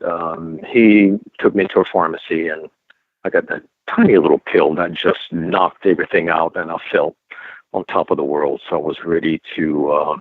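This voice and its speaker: Deep-voiced French-accented man on a phone line. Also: no echo. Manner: rambling storyteller with many fillers and restarts. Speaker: paranormal and UFO investigator guest. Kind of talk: casual interview over the phone.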